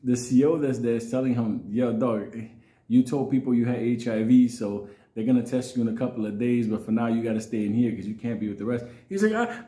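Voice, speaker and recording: A man's voice: medium pitch, mellow, reverberant. A man telling a crude story casually, laughing often and acting out other people's lines. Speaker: storyteller host.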